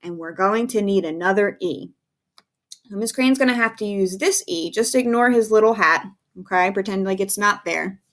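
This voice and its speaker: A woman's voice: medium pitch, moderate pace, fairly bright tone. A young woman teacher giving a patient, sing-song phonics lesson to young children, calling out sounds for them to repeat.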